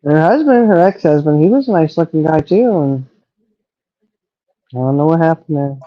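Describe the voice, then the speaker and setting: A woman's voice: low voice, lively intonation, moderate pace, dry recording, highs cut off. A middle-aged woman chatting casually as a livestream co-host, rambling and trailing off as she talks. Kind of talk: casual chat.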